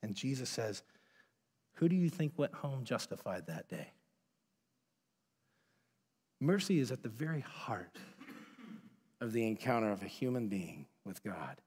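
A man's voice: mid-range voice, lively intonation, a little slow, long pauses, a little mellow, breathy edge. A man preaching a sermon as pastor, casual and conversational, telling stories and acting out the people in them. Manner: casual, conversational, acts out quoted voices. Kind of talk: sermon with storytelling. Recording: long hall reverb.

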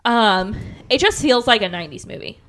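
A woman's voice: on the high side, expressive, moderate pace, fairly bright tone, slight background noise. A woman co-hosting a podcast in casual chat, chatty and often giggling. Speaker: podcast co-host.

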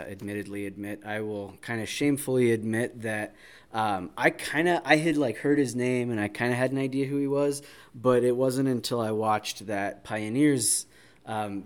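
A man's voice: lowish voice, clear, resonant tone. A man co-hosting a casual video call chat, rambling and hedging as he explains things. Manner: rambling, lots of fillers and hedges. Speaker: podcast co-host.

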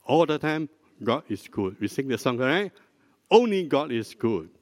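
An older man, a pastor, preaching a sermon in a slow, deliberate teaching manner, prompting the congregation with questions. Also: mid-range voice, sing-song. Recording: dry close mic with long hall reverb.

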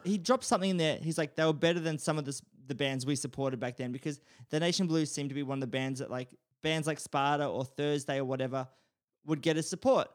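A man's voice: on the high side, fast. Rambling podcast co-host, a man. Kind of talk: casual chat.

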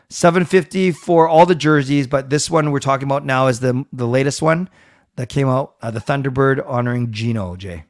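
A middle-aged man hosting a live stream, reading viewer comments aloud and answering them in a relaxed, chatty way. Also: medium pitch, moderate pace. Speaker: livestream host reading chat. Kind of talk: casual chat.

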